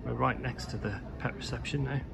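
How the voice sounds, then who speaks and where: Gravelly man narrating a travel vlog. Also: fairly quick, noisy background. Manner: chatty, talks to the dog in an excited higher voice. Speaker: vlogger.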